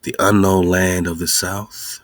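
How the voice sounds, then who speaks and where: A man hosting a podcast in a casual monologue, musing excitedly and firing off rhetorical questions. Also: sits low, unhurried, no echo. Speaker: podcast host.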